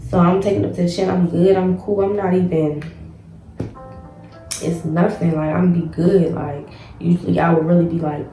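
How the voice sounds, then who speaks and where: A woman hosts her own podcast and talks through a personal story in casual chat. She rambles and circles back to the same phrases again and again. Her voice sits a little low with a soft, mellow tone, and it carries in an echoey room. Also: fairly even intonation, moderate pace. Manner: rambling and repetitive, heavy use of "like". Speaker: podcast host. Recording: echoey room with faint music.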